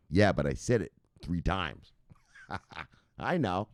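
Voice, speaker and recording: A man hosting a crypto livestream from home, cursing freely, laughing often and shouting at his viewers. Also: a bass voice, animated, unhurried, long pauses, dry recording, studio quality. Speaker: crypto news host. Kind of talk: casual livestream rant.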